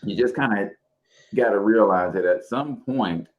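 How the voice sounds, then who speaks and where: A man's voice: on the low side, normal speed, lo-fi sound. A man from St. Louis with a local accent, talking in a casual podcast, reflective and hesitant, with many fillers and restarts.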